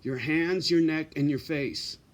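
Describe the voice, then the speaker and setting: A man's voice: on the high side, measured pace. A middle-aged man giving blunt, profane advice in a casual straight-talking monologue, often tagging lines with "right?" and "you know".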